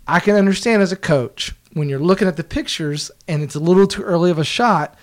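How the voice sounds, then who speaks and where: Dude telling a story, swears a lot, laughs, kinda high voice. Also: male voice, fairly quick. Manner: profane, laughing, animated storyteller. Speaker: guest, former team video staffer. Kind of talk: casual storytelling chat.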